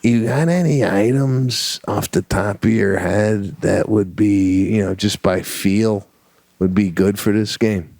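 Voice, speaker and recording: Man, low voice, dry close sound, casual podcast chat, storytelling. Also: slow pace, no room sound. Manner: storytelling, animated, slangy. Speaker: podcast co-host.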